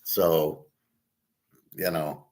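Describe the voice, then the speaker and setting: A man's voice: extremely low pitch, little pitch movement, extremely slow, a little mellow. A man hosting his own commentary show, ranting in an indignant, profane monologue. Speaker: host of a betting and gold commentary show. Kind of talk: opinion monologue.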